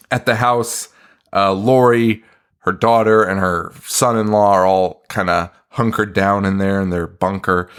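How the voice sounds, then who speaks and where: A man's voice: fairly low pitch, clean tone. Laughing, swearing podcast guy recapping a film. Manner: profane, laughing, incredulous recapping. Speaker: podcast co-host. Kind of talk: casual movie review chat.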